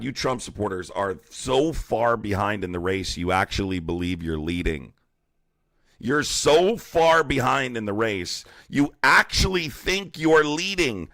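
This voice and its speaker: A man's voice: mid-range voice, vocal fry, fairly bright tone, dry recording, clean studio sound. A man hosting a heated live-streamed debate, mocking and profane as he argues with callers. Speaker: livestream debate host.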